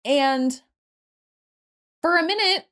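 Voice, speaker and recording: A young adult woman co-hosting a podcast, casually recapping a movie with lively quoted voices and the odd swear word. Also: sits high, slow pace. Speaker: podcast co-host.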